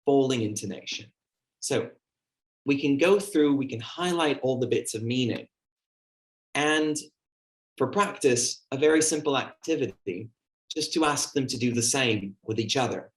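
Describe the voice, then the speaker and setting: A man's voice: medium pitch, a little slow. Conversational male teacher in an echoey room. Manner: conversational, acts out classroom questions in a lively teacher voice. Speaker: teacher giving a workshop talk. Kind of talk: teacher training presentation.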